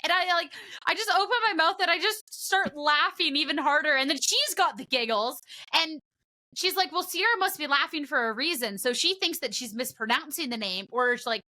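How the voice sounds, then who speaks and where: A young woman with a high, bright voice recounts a story in casual podcast chat. She talks animatedly and keeps breaking into laughter. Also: expressive, a little fast. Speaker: podcast co-host and broadcast commentator.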